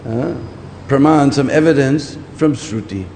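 A little slow and darkish in tone, the preacher's medium-pitched voice carries a scriptural lecture. He goes back over his points and often asks "hmm?" of his listeners. The room adds a long hall reverb, with faint background noise.

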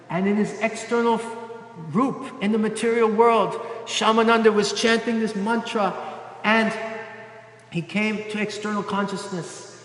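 A male preacher telling a devotional story in an animated way, acting out the quotes. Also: high voice, measured pace. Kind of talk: storytelling sermon. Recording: echoey hall.

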